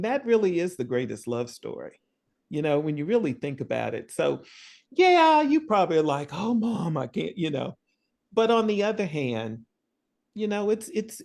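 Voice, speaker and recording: A middle-aged woman in a class on a video call, giving encouragement and telling lively stories about her family. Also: lowish voice, vocal fry. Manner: warm encouraging, animated storytelling. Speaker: class participant. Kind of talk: casual supportive chat.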